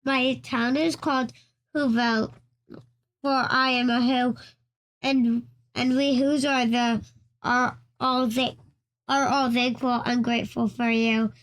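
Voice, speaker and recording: A woman's voice: a little high, level tone, takes it slowly, pauses often. A woman voicing a tiny, friendly male town mayor in a read-aloud storybook, eager and grateful.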